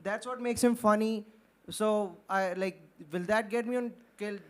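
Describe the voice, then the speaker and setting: A high-pitched man speaks up from the audience with a question. He talks haltingly and leans on filler words. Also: fairly even intonation, clean tone. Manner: hesitant, many "like" fillers. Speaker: audience member asking a question.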